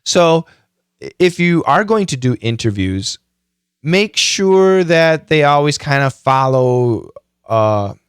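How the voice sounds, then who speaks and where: A man's voice: a little high, expressive, takes it slowly, clear, resonant tone, no echo, clean studio sound. A middle-aged man hosting a podcast, giving a casual, chatty tutorial full of self-mocking jokes and frequent fillers. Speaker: podcast host.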